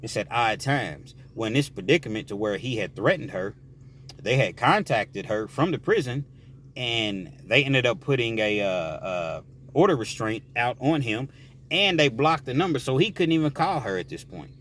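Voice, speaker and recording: A man casually telling a prison story, animated and explaining things directly to the listener. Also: mid-range voice, normal speed, slight background noise.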